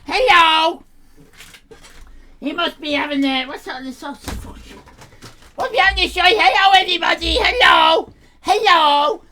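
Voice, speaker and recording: A woman playing a sassy, brash sixteen-year-old Irish girl, hosting a live stream in character and rambling loudly to herself. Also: very high voice, unhurried, long pauses, full character voice. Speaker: livestream host in character.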